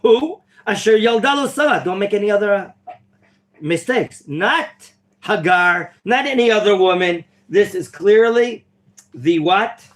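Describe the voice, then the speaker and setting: A man teaching an interactive Torah class in a classroom, quizzing his students and now and then bursting into theatrical excitement. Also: high voice, measured pace. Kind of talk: interactive Bible lesson. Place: classroom at a yeshiva.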